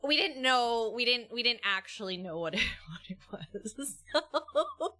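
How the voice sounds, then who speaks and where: A woman's voice: on the high side, animated, a little slow, sharp tone. A young adult woman telling a story in casual chat, rambling with many restarts and laughs. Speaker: vlogger.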